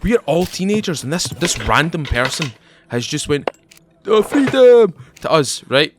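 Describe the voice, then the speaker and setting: A man's voice: on the high side, moderate pace, noisy background. A young man playing a survival game, telling a long rambling story and often breaking off to comment. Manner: chatty, digressive, self-interrupting, animated. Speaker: gaming YouTuber. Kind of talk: rambling let's-play storytelling.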